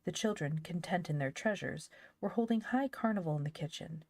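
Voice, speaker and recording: A woman narrating a classic novel in a lively reading voice, stumbling now and then. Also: fairly low pitch, a little fast, no room sound. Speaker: audiobook narrator.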